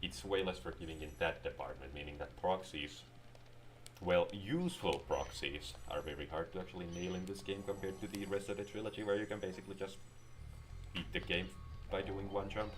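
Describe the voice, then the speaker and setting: Deep-voiced sarcastic gaming commentator. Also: male voice, steady tone, a little fast, faint music behind. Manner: sarcastic, joking. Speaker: game streamer. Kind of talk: casual gameplay commentary.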